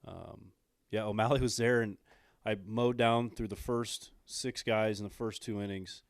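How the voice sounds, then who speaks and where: A low-voiced man talks about his playing days in an easy, unhurried way, scattering "you know" and "um" through his sentences. The sound is dry and close, with no room around it. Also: no echo. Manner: relaxed, frequent fillers and "you know". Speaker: guest, former pro pitcher. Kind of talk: casual interview chat.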